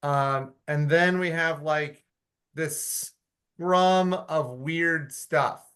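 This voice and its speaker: A man on a town committee arguing his point in a meeting, animated and blunt, with frequent restarts. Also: a little high, very slow. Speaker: committee member. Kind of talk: meeting discussion.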